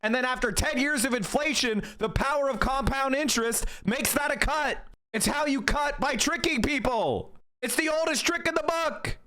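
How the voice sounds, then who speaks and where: A very high-pitched man ranting on a live stream. He talks heatedly and swears constantly, scolding his viewers. He keeps the commentary loud and combative. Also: moderate pace, few pauses. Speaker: political streamer.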